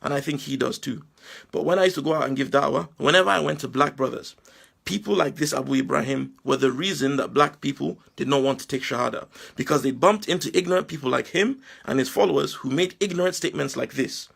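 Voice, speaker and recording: Gravelly, husky forceful male preacher. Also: medium pitch, quick pace. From Nigeria. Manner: forceful, preachy, rhetorical questions. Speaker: Muslim commentator. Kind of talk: impassioned video monologue.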